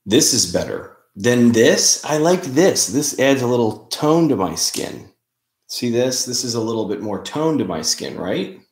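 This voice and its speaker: A man hosting a casual live stream, chatting in a relaxed way and greeting viewers by name. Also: mid-range voice, measured pace. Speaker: livestream host. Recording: roomy, echoey room sound.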